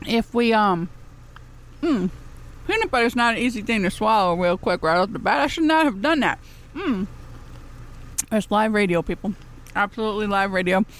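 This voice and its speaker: A woman's voice: mid-range voice, expressive, fairly quick. A woman host, chatting casually on live radio, rambling and cheeky, laughing often between phrases.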